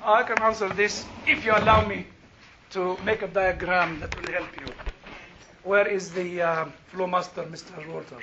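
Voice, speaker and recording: A man's voice: high voice, normal speed, dull audio, noisy background. An older man teaching a Bible class, telling a story with laughter and emphatic outbursts. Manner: animated, laughing, rising to emphatic bursts.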